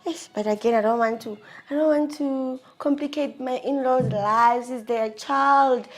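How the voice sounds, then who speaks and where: Animated South African woman vlogger. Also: sits high, measured pace. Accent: South African English. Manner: animated, laughing often, slangy. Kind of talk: storytelling about her marriage.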